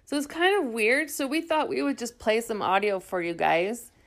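Woman podcaster with a gravelly creaky voice, casual chat, reads texts out loud kinda awkward. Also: fairly high pitch, very animated, normal speed. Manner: reads messages aloud with awkward laughs. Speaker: podcast host. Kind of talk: casual chat recapping a show.

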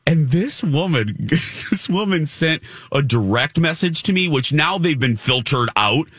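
A male talk host chatting casually and telling stories, acting out quotes with a lively, swinging voice. His tone is bright and forward, recorded close and dry. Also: a little high, unhurried, husky, dry recording. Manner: animated storyteller, acts out quotes. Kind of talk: casual chat.

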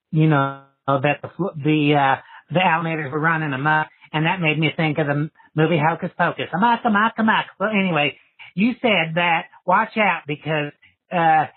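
Man, folksy rambling voicemail, husky voice, phone-line sound. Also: fairly high pitch. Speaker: caller. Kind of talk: voicemail to a podcast.

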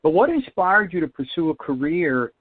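A man's voice: fairly high pitch, big pitch swings, moderate pace, slightly rough, no echo. A man hosting a talk show, interviewing in an earnest, motivational way. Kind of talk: casual interview. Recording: dry tinny phone-like line.

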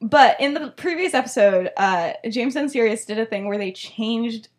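A woman's voice: a little high, animated, moderate pace. A young woman hosting a podcast, casually retelling a story with lots of "like" and frequent laughter. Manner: chatty, laughing often, heavy use of "like". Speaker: podcast host.

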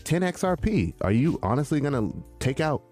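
A man co-hosting a casual crypto talk show, talking in an animated, preachy way and acting out quotes in a raised voice. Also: medium pitch, normal speed, faint music behind. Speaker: crypto podcast co-host. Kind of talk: casual chat.

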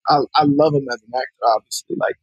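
A man's voice: mid-range voice, fairly even intonation, quick pace, husky, no echo, lo-fi sound. A man from Alabama with a Southern US accent, a film director chatting loosely as a podcast guest and leaning on lots of fillers. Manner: loose and conversational, lots of "you know" fillers. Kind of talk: casual podcast conversation.

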